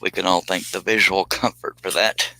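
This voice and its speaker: A man talks to his live-stream viewers in a loose, joking way that keeps drifting into tangents. His voice sits a little low but has a bright, forceful edge. The sound is close and dry, with no room echo. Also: flat delivery, moderate pace. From United States. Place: home streaming space.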